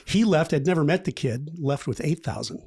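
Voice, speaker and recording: His voice leans high and husky, and he talks briskly. He's a man in his fifties on a podcast, candidly rambling through past stories and performing the voices of people in them.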